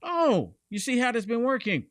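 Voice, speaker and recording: Man, political commentary host, high and lively voice, dry close sound, emphatic repetition. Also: moderate pace, no echo. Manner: animated, emphatic, repeats phrases for punch.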